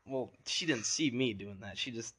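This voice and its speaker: A man's voice: mid-range voice, normal speed, bright, forceful tone, slight background noise. A teenage boy co-hosting a podcast, telling school stories in casual chat with lots of fillers and restarts. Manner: rambling storytelling with many fillers. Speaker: podcast co-host.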